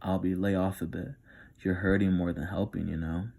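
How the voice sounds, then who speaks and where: An easygoing, friendly young man who soothes a tense moment, as a man voices him. Low and gravelly throughout. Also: level tone, normal speed, dark tone.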